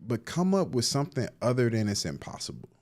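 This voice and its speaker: A man's voice: medium pitch, sing-song, fast talker, a little mellow. A man in his thirties from Cleveland, a therapist telling stories in a casual interview, slangy, with many restarts and filler words. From Cleveland, Ohio. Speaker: guest, therapist and poet.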